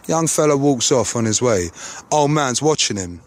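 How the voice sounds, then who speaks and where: A tipsy man, co-hosting a podcast and telling a story in a casual, chatty way. He swears freely and fills his talk with asides, at a mid-range pitch. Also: brisk. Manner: sweary, animated storytelling with lots of fillers. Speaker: podcast co-host.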